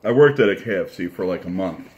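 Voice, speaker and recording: A man's voice: deep voice, expressive, fast talker, darkish tone. A man who owns a comic shop, giving a casual, rambling, blunt review while he eats.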